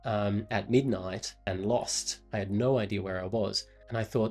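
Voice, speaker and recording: A man's voice: fairly low pitch, animated, normal speed, few pauses, darkish tone, soft background music. A man in his twenties from Australia, with an Australian accent, telling a travel story in a rambling, casual way full of fillers and self-corrections. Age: 20s. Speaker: vlogger.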